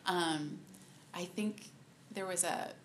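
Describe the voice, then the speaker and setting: A woman giving a personal faith testimony to a group, halting and softly emotional, with many pauses and fillers. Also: lowish voice, slight background noise. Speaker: speaker at a women's ministry talk.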